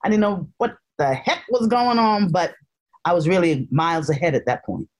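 An older woman, a guest joining by remote line, telling stories from her childhood in a playful, expressive way. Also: on the low side, normal speed. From North Carolina, raised in Harlem. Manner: animated storyteller, playful and expressive. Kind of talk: casual chat.

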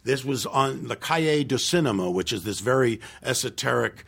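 A man's voice: mid-range voice, expressive, normal speed, gravelly, husky. An older man, a film director, telling rambling anecdotes in a casual interview and acting out what others said. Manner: rambling anecdotes with restarts and acted-out quotes.

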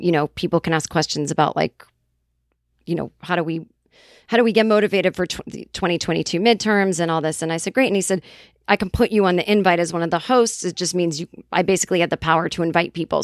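A woman's voice: lowish voice, steady tone, fast, no echo, studio quality. A middle-aged woman from the Boston area, hosting a podcast and telling a rambling, casual story, swearing freely. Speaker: podcast host.

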